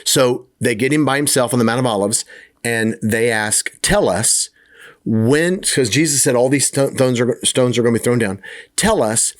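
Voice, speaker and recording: A man's voice: medium pitch, moderate pace. A man teaching a Bible lesson in a casual, conversational way, sometimes acting out the disciples' questions in a raised voice.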